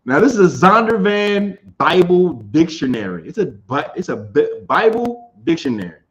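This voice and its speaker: A man's voice: high voice, very animated, normal speed, a bit bright, poor audio. Emphatic man teaching a Bible class. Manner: emphatic, repeats phrases, keeps asking "you understand?". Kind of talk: informal scripture teaching.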